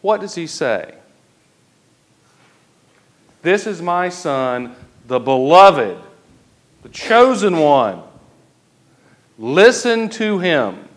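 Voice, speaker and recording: A man, an Episcopal priest, preaching a sermon in a church, slow and deliberate, stretching key phrases for emphasis. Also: fairly high pitch, very animated.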